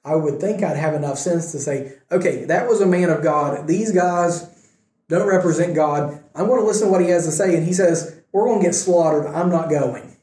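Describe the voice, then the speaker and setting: A man teaching a Bible passage in a relaxed, conversational way, retelling scripture in everyday speech and often checking in with "right?". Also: on the high side, moderate pace. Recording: echoey room.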